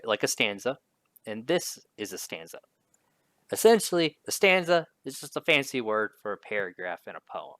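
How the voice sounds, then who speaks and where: A man's voice: mid-range voice, fairly bright tone, dry recording. A male teacher giving a casual spoken lesson, talking his students through questions in a conversational way.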